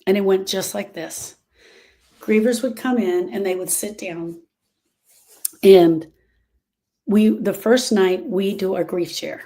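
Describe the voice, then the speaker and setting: A woman's voice: mid-range voice, slow, pauses often, mellow. A woman hosting a live stream on grief, speaking earnestly and directly to viewers and repeating her key phrases for emphasis. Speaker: grief support host.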